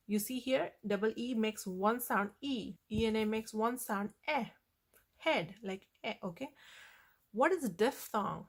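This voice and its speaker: A woman teaching a phonics lesson on vowel sounds, explaining patiently and repeating the key points. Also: mid-range voice.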